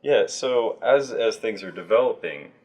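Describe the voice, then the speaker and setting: A man's voice: on the low side, lively intonation, a little slow, darkish tone, breathy edge. A man hosting a livestream, chatting casually with a guest, with plenty of fillers and restarts. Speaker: livestream host.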